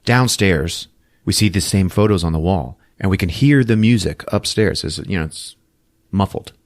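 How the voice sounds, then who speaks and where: A man hosting a podcast, recapping a film in a profane, animated storytelling manner. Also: deep voice, normal speed. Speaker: podcast host. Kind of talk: comic movie recap.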